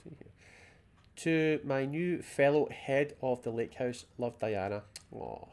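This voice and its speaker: A Scottish man commenting on gameplay, chatty and excitable, often reading in-game documents aloud. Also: mid-range voice, slow pace. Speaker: let's play host.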